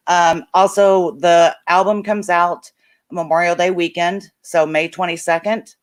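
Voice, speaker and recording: A woman hosting an interview, chatty and warm, with frequent ums. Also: fairly low pitch. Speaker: host. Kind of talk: casual interview chat.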